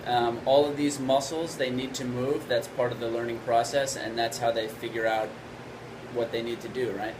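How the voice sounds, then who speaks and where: A man walks through trumpet basics in a calm, conversational teaching voice, often pausing to ask "right?". His pitch sits in a middle range. A clear hum of air conditioning runs under the whole recording. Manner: relaxed explaining, frequent "right?" checks. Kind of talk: instructional video lesson.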